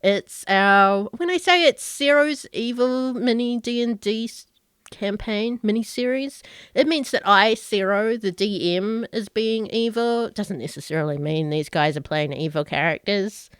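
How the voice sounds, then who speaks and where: A woman game master hosting her stream over an online call, bubbly and playfully bossy, quick to laugh. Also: medium pitch, clean tone, no echo, studio quality. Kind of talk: casual stream chat, introducing players.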